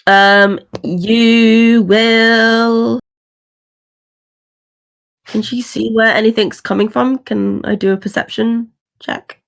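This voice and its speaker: A woman's voice: medium pitch, steady tone, moderate pace, vocal fry, fairly bright tone. A woman playing a tabletop game, giggly and a little unsure about the rules. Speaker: player. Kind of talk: casual tabletop game play.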